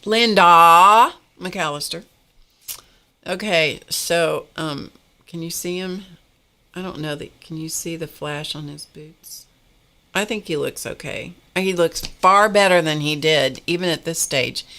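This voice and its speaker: Slow, low-voiced woman chatting while painting. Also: bright, forceful tone. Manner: rambling storyteller who greets live chat viewers by name. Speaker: art instructor hosting a live painting stream. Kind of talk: casual live-stream chat while painting.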